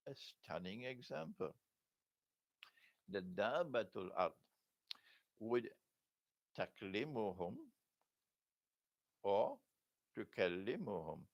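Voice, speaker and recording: A man's voice: fairly low pitch, creaky, dry recording, dull audio. An older man giving a religious lecture as an Islamic scholar, asking rhetorical questions and chuckling often.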